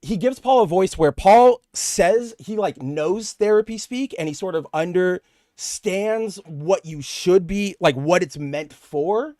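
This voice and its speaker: A man's voice: high voice, slow pace, dark tone, dry recording, studio quality. A young man co-hosting a casual comic book podcast, talking in long rambling stretches and acting out characters' lines. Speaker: podcast co-host.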